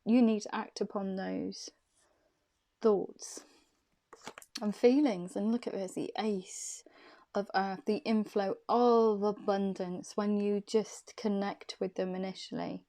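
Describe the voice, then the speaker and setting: A tarot card reader gives an intuitive reading to camera, chatty and soothing, repeating phrases for emphasis as she offers reassuring encouragement. Her medium-pitched voice is steady, slow, creaky, and warm.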